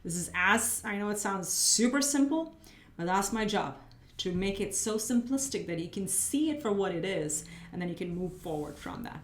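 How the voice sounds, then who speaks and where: A woman's voice: medium pitch, animated, moderate pace, reverberant, a little hiss or hum. A woman host giving a pick-a-card tarot reading, chatty and spiritual, her voice slightly muffled as she is losing it. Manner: chatty, spiritual, thinks aloud while laying cards. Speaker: tarot reader.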